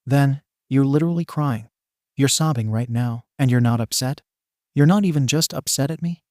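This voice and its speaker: A man's voice: mid-range voice, normal speed, darkish tone, no echo, studio quality, natural voice. A man voicing a laid-back teenage boy vigilante who talks casually and awkwardly, with some swearing.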